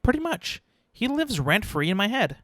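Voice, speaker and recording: A man hosting his own podcast, rambling in a casual, self-mocking way and slipping into quick mock voices. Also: high voice, big pitch swings, a bit bright, no room sound, studio quality. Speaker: podcast host. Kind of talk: casual solo podcast rant.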